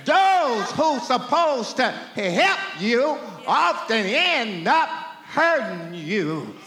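A male pastor preaches in a strikingly high, lively voice, stretching each phrase slowly. His tone is bright and ringing, and long reverb from a roomy sanctuary trails behind every line. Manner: slow, drawn-out preaching that builds to shouting; call-and-response with the congregation. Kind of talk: preaching a sermon. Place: church sanctuary.

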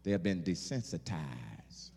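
A man preaching a sermon, animated, with call-and-response and laughing asides. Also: low-pitched, measured pace, husky. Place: church sanctuary. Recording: long hall reverb.

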